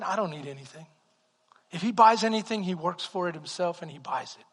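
Animated high-voiced preacher in a reverberant hall. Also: male voice, a little fast, slightly rough. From Texas. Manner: animated storytelling, swings from hushed to loud. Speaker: pastor. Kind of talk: sermon.

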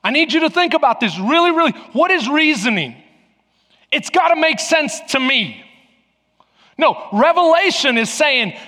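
A man preaches from the pulpit in a strikingly high, bright voice. He hammers his points with repetition and sudden shouts, and slips into playful scenes. The sound rings with the long echo of a large hall. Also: expressive, normal speed. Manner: emphatic and repetitive, with bursts of shouting; playful, acts out little scenes. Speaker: pastor. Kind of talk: preaching a sermon.

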